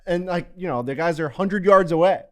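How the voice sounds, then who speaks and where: A man hosting a podcast in casual chat, telling stories in a rambling, excitable way with plenty of fillers. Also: high voice, a little fast, clear, resonant tone. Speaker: podcast host.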